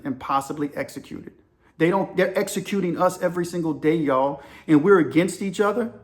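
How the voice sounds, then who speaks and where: A man talking casually and persuasively to his viewers, calling them y'all as he hosts his own channel. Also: a little high. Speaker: channel host. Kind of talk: casual opinion monologue to camera.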